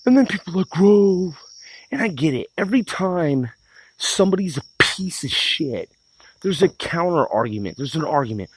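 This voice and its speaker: Profane ranting man with a higher voice. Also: big pitch swings, fairly quick, a bit bright, breathy edge, no echo. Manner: mocking, profane, combative, repetitive. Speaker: vlogger.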